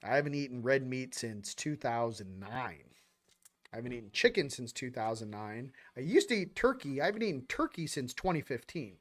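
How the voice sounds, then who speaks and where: A man's voice: medium pitch, big pitch swings, moderate pace, a bit bright. A man hosting a casual spiritual chat show, rambling between topics in a slangy, offhand way. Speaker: host.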